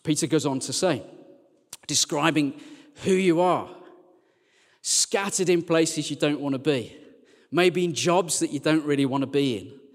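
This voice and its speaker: High-voiced man preaching in a reverberant hall. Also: a little slow, long pauses. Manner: conversational and joking, dropping to quiet earnest lines. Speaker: pastor, team leader. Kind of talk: sermon.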